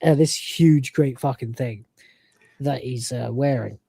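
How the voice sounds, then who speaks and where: A woman's voice: a bass voice, a little slow, creaky, dark tone, husky, no room sound. Rambling, swearing woman podcast host. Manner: rambling and profane, with many fillers. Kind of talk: casual review chat.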